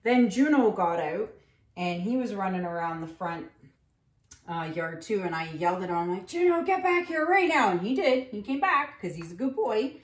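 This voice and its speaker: A woman's voice: fairly low pitch, moderate pace. Chatty woman in her 30s rambling while she paints, lots of ums, echoey room. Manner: chatty, rambling, with frequent fillers. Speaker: acrylic pour artist. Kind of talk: casual painting tutorial with storytelling.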